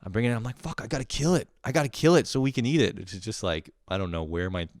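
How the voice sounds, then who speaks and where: A man's voice: fairly low pitch, quick pace, no echo, clean studio sound. A young man telling a rambling, profane story in a casual monologue, often laughing at himself. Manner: rambling, swears a lot, laughs at his own stories. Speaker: podcast host.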